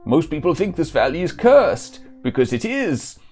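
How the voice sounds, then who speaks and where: A man voicing an aging, nostalgic guildmaster in a point-and-click game, with booming, drawn-out speech. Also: sing-song, a little mellow, soft background music.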